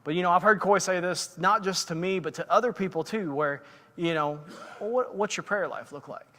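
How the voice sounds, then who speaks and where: A middle-aged man shares stories from the pulpit in a loose, self-deprecating way, full of "you know" fillers. His voice sits a little high and sounds bright and forceful. It comes from a church livestream with a long, hanging reverb. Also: a little fast. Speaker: lay preacher. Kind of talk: casual sermon storytelling. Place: church sanctuary.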